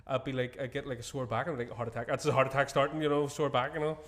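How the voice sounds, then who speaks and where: A man's voice: medium pitch, fairly even intonation, racing. A man hosting a podcast, full of crude, joking banter and frequent laughs. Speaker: podcast host. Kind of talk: casual podcast chat.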